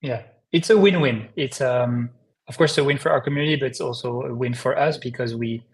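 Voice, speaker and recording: A man's voice: mid-range voice, fairly quick, rough recording. A man from France with a heavy French accent, a company co-founder chatting easily as a guest in a live-stream interview over a video call, with many ums and restarts. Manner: relaxed, friendly, with restarts and ums.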